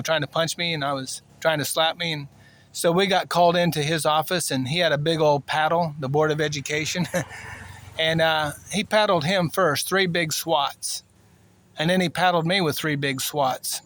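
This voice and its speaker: A man in his sixties, originally from Cuba, recounting memories in a loose, meandering way. His voice sits a little higher than most men's, and his speech is plain and unpolished, full of fillers and restarts. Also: a bit bright, a little hiss or hum. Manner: rambling, plainspoken, many fillers. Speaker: vlogger. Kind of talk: personal storytelling.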